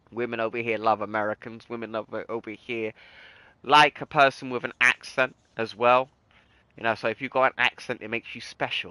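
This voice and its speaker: A young man with a British accent chats loosely on his game stream, circling back with "like" and false starts. His voice is bright and smooth. The sound is dry and close, with no room around it. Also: medium pitch, dry recording, rough recording. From United Kingdom. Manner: rambling, full of "like" and restarts. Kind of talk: casual chat on a gaming stream.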